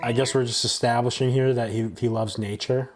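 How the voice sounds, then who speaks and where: A young man hosting his own channel, talking through a film review in a casual, blunt way. His voice sits at an ordinary middle pitch, and he stops and restarts often as he works out his opinions. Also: little pitch movement, fairly quick, music in the background.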